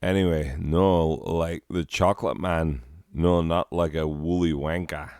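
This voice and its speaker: A man with an extremely deep, smooth voice talks slowly through his gameplay, wandering off into jokey tangents. The sound is close and dry, with no room around it. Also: fairly even intonation, darkish tone, no echo. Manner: rambling, joking asides. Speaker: gaming video host. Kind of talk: casual gameplay commentary.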